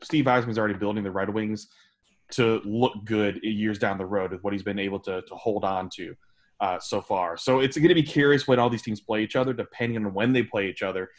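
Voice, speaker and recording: A man's voice: fairly low pitch, steady tone, brisk. A man hosting a hockey podcast, chatting casually and teasing his guest. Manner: teasing, conversational. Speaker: podcast host. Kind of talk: casual sports chat.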